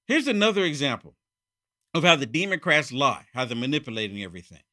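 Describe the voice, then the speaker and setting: A man hosting his own political commentary monologue, emphatic and repeating his points, swinging from loud outbursts to muttered asides. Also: medium pitch, big pitch swings, fast. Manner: emphatic, repeats phrases for effect. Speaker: channel host.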